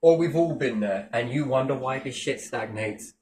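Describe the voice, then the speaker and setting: A man's voice: mid-range voice, moderate pace, a little mellow, a little hiss or hum. A man delivering a mocking, sweary monologue with big sarcastic swings in tone.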